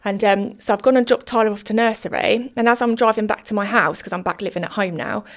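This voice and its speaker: A woman's voice: mid-range voice, steady tone, fast. A woman, a podcast guest telling her story candidly in long run-on sentences full of fillers.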